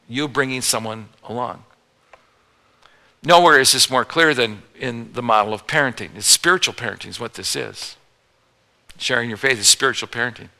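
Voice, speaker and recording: A man's voice: medium pitch, sharp tone. A man preaching a sermon as pastor, telling humorous stories and acting out what people say. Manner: humorous storytelling preacher, acts out quotes. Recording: long hall reverb.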